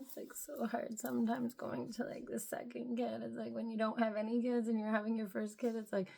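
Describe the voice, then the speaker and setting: A woman's voice: fairly high pitch, level tone, moderate pace, creaky, hardly any pauses, husky. A woman in her thirties musing in a casual, rambling vlog monologue, filling her talk with "like". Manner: meandering, heavy use of "like", soft musing tone. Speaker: spiritual vlogger.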